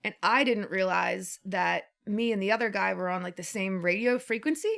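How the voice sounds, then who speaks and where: Young female podcast co-host with light vocal fry, loose chatty storyteller. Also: medium pitch, normal speed, fairly bright tone. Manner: rambling storyteller, laughs often, lots of fillers. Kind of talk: casual chat.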